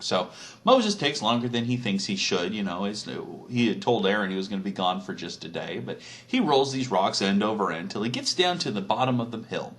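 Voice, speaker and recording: Man rambling thru a dirty funny story, casual, animated pitch. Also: brisk. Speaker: comedic storyteller. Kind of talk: profane comedic retelling.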